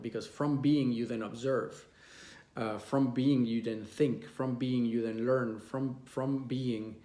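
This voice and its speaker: A man's voice: medium pitch, warm tone, echoey room. A man giving a casual, rambling talk on meditation as its teacher, with many restarts and fillers. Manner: mimics others in quoted asides.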